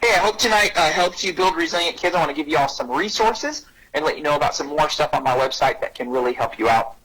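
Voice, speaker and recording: A man giving an energetic parenting talk on bullying who acts out short dialogues in a raised voice. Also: fast, breathy edge, poor audio. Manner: energetic, acts out little dialogues with rising pitch. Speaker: anti-bullying speaker and parenting coach.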